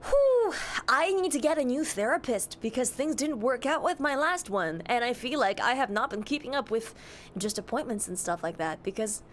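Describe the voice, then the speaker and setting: A woman's voice: a little high, lively intonation, moderate pace, a bit bright, slight background noise. A young woman streamer chatting casually, greeting and answering her chat with a giggly, easygoing manner.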